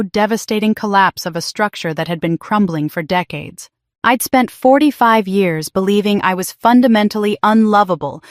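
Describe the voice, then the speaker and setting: A woman's voice: medium pitch, dry recording, studio quality. A woman narrating a first-person audio drama in a reflective, emotional storytelling manner.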